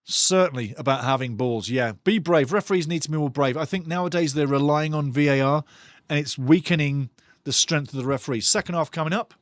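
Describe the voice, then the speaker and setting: A man's voice: on the high side, brisk, dry recording, studio quality. A man hosting a live football watchalong, talking passionately and ranting about refereeing calls in a chatty way. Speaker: watchalong host.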